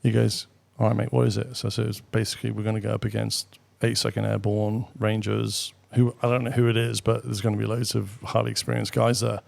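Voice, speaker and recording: A middle-aged man with a British accent tells war stories in a relaxed, anecdotal way, tossing in asides and casual swearing. His voice sits low and heavy with a gravelly fry. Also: fairly quick, few pauses. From Britain. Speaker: guest, former military pilot. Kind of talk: casual storytelling.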